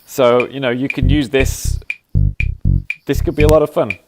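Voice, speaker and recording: Demonstrating his music app's features on a live stream, a developer talks at medium pitch with a steady tone and moderate pace. It's casual: he thinks aloud while clicking and scats rhythms as "da da."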